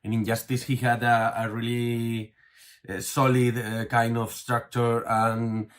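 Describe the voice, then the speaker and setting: A man, a comic book artist, answering an interview question in a hesitant, halting way with many fillers and restarts. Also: mid-range voice, level tone.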